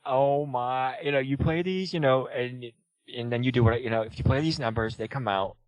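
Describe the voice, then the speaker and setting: A man's voice: medium pitch, brisk, no room sound, rough recording. A man spins a long personal story in loose, casual talk. He rambles, leans on "you know" and "like", and acts out what everyone said. His voice sits close and dry, with almost no room sound. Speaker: guest.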